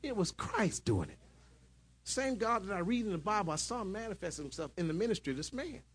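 A man preaching a sermon in church, shouting at his peaks and dropping into calmer storytelling. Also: high-pitched, a little fast, husky.

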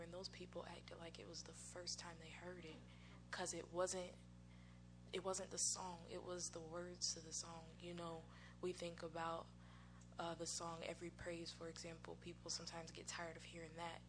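A woman's voice: fairly low pitch, background noise. An American woman speaking in church, sharing a personal testimony in a candid, conversational way and laughing at herself. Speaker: church musician and worship singer. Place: church sanctuary. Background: music.

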